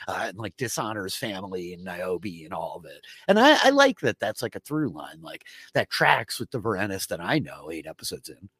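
A young man co-hosting a recap podcast. He talks in a loose, casual way, full of filler words, and his voice swings high when something excites him. The sound is dry and close to the mic. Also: brisk, hardly any pauses, slightly rough, no echo. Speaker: podcast co-host.

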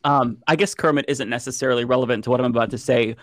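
A man on a panel over a video call, talking in an animated, emphatic way. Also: mid-range voice, fast. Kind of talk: casual panel chat.

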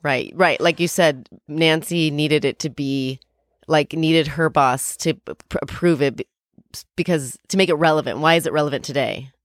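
A woman's voice: deep voice, normal speed, no room sound, clean studio sound. A woman in her thirties co-hosting a podcast, retelling a story in gushing, casual chat full of "like". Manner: chatty, gushing, lots of "like" fillers. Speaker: podcast co-host.

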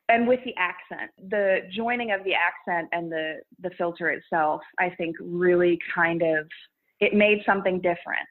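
A woman content creator chatting casually in an interview, rambling with restarts and laughing often. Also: mid-range voice. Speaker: social media creator. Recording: tinny phone-like line.

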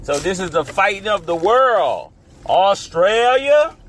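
Podcast host, male, casual solo monologue, higher voice, rambly and repetitive, fight-announcer hype. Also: lively intonation, moderate pace, bright, forceful tone, a little hiss or hum. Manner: rambling and repetitive, with restarts and stumbles; hypes the matchup like a fight announcer.

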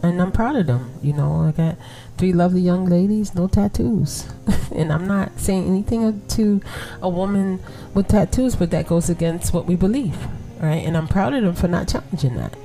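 A woman in her forties with a low, warm-toned Brooklyn voice hosts a casual podcast for women. She talks conversationally, laughs often and keeps asking her listeners "right?", while faint music plays behind her. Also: moderate pace. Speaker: podcast host.

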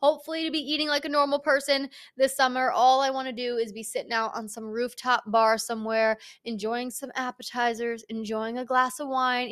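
A young woman talks solo on her podcast with bright, upbeat energy. Her voice sits a little higher than most women's, and she chats casually, tossing in the odd swear word. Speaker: podcast host.

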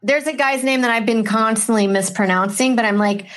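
A woman's voice: fairly high pitch, fairly quick, fairly bright tone. A woman telling stories in a casual chat, often laughing as she talks.

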